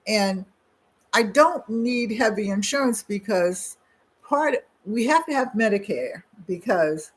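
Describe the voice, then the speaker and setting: An older woman hosting her own channel, chatting casually and telling rambling stories full of asides and restarts. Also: mid-range voice. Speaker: channel host. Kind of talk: casual chat.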